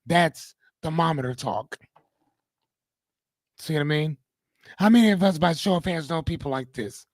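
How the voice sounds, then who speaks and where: A middle-aged man with a slightly higher voice hosts a live motivational podcast. He lectures his listeners bluntly, swears casually and keeps asking them to respond. The sound is close and dry, with no room around it. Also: moderate pace, no room sound. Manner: preachy, blunt, addresses audience directly, swears casually. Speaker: podcast host.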